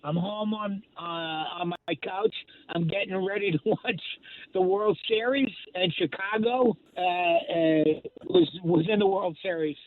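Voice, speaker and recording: Older comedian on a tinny phone line. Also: male voice, high-pitched, unhurried. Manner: dry, self-deprecating storyteller with many fillers. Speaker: stand-up comedian guest. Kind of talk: phone-in radio interview.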